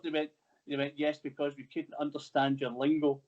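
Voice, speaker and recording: A man's voice: on the high side, little pitch movement, fairly quick, a little mellow, highs cut off. A man hosting a casual interview, chatty and teasing, who swears freely. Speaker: podcast host.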